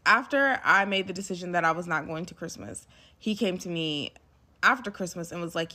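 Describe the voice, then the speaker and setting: A young woman casually telling a personal story to her viewers, emphatic and animated, with frequent asides. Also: fairly low pitch, fairly quick. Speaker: storyteller recounting a past relationship.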